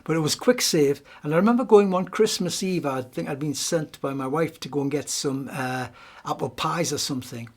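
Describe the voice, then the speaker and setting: Gentle middle-aged Geordie man. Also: on the high side, moderate pace. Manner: gentle and reflective, with frequent restarts and fillers. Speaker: speaker giving a weekly message. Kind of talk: devotional talk.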